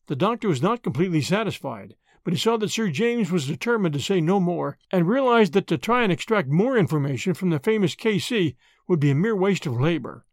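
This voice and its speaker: A man narrating an audiobook in an expressive storytelling way. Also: high voice, fairly quick, few pauses, no room sound, clean studio sound.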